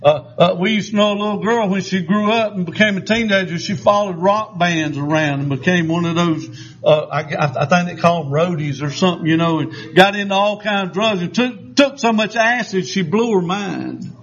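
A man's voice: high voice, normal speed, a bit bright. An older man preaching a sermon, telling stories in a folksy way with many fillers and restarts. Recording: dull lo-fi sound.

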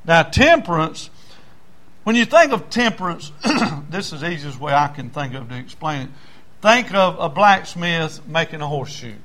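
Folksy preacher with a high, bright voice. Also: male voice, sing-song, moderate pace. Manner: folksy, storytelling, acts out voices in anecdotes. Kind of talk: sermon.

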